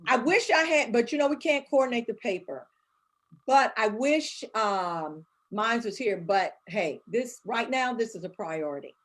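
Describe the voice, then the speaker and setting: Animated middle-aged woman telling stories. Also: a little high, unhurried. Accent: St. Louis. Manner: animated storyteller, acts out voices of her kids. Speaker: co-host. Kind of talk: casual chat.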